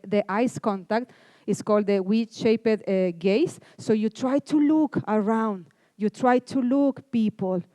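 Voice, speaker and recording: Chilean-accented woman lecturing, halting and dry. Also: on the high side, mellow, dry recording. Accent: Chilean Spanish. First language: Spanish. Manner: halting, self-correcting speech with many fillers. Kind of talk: classroom lecture. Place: lecture room.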